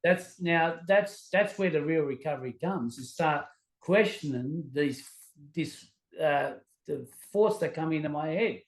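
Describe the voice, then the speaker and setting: A man's voice: a little high, a little slow, roomy sound, poor audio. A man hosting a casual interview over a video call, reflective and full of affirming yeahs. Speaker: host.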